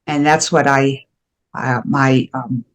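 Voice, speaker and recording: Her voice rumbles low, her intonation stays fairly even, and she speaks slowly. She is an older American guest educator on shame and guilt, talking earnestly and emphatically in a conversational interview, frequently starting over.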